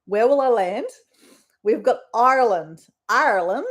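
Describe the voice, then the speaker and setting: A woman's voice: mid-range voice, animated, normal speed. An Australian woman hosting a casual live stream, chatting in a rambling way with her viewers. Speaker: livestream host.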